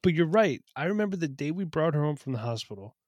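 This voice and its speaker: A man's voice: fairly high pitch, very animated, fast, a little mellow, dry recording. A man from eastern Pennsylvania co-hosting a parenting podcast, telling stories in casual chat with a wry, dry humor. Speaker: podcast co-host.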